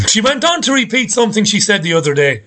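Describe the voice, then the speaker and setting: Indignant ranting male host, high lively voice. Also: breathy edge. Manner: sarcastic, indignant. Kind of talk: ranting commentary.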